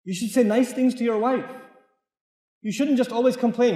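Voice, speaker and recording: A man's voice: extremely high pitch, moderate pace, long pauses, dark tone. A man with an American accent preaching a joking, direct sermon to families. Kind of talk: humorous sermon. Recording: echoey hall with long reverb.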